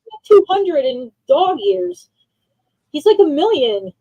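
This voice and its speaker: A woman with a high, lively voice, chatting in a playful, doting way. Her sound is dry and a little dull and muffled. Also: slow pace, no echo. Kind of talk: casual chat.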